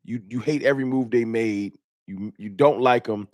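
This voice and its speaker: A man's voice: mid-range voice, normal speed, a little mellow, no echo, studio quality. A man hosting a live fan talk stream in a casual, slangy way, greeting viewers by name.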